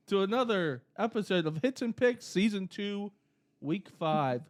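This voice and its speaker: A young man hosting a sports-betting podcast, excitable and laughing often, his voice cracking as he talks. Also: high-pitched, a little slow, no room sound, clean studio sound. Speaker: podcast host. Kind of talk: casual chat.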